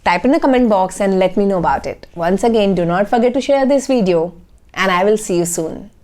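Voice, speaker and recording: A woman's voice: mid-range voice, fairly quick, a little mellow. A woman, speaking as a life coach in a motivational talk to camera and checking in often with "okay?".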